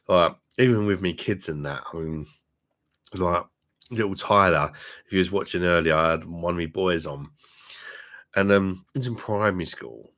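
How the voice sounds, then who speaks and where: A middle-aged man with a low, deep voice talks casually to his live-stream viewers over a webcam mic. He is blunt and laughs often. He swears freely and calls everyone mate. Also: fairly bright tone. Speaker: beer reviewer and live-stream host.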